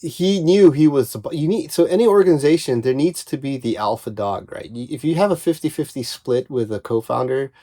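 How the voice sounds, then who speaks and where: A man's voice: mid-range voice, brisk, few pauses, mellow, dry recording, studio quality. A man hosting and commenting casually, explaining his points and often checking in with "right?". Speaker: host.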